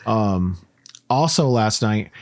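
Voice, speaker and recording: A man's voice: lowish voice, expressive, slow pace, a little mellow, no room sound, clean studio sound. A man hosting a casual podcast, telling rambling stories and laughing through his own jokes. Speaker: podcast host.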